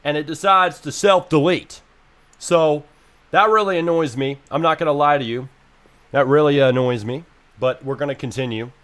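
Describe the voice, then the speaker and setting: A man's voice: a little high, normal speed, a bit bright. A young man live-streaming, ranting about his internet in a frustrated, casual way and swearing freely.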